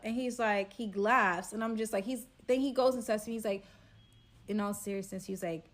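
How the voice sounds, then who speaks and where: A woman's voice: fairly high pitch, animated, normal speed, fairly bright tone. A young woman recounting a personal story, storytime style. She tells it animatedly and dramatically and acts out the quoted lines as she goes. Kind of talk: storytime vlog.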